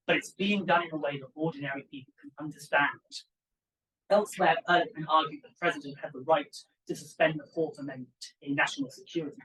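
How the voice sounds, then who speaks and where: Animated young man giving a conference talk. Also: fairly high pitch, recorded from a distance, rough recording. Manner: animated, emphatic, with asides to the audience. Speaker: conference presenter, PhD student. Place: conference room.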